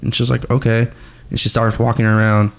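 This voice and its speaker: A man's voice: on the low side, flat delivery, fairly quick. A man telling a story as a podcast guest, swearing a lot and acting out the dialogue in his story. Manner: profane storytelling, acts out dialogue. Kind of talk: casual chat.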